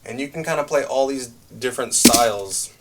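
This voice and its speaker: A man teaching a brush drumming lesson, explaining patterns step by step in a relaxed way with frequent fillers. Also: medium pitch, brisk, heavy background noise. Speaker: music teacher. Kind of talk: drum lesson demonstration.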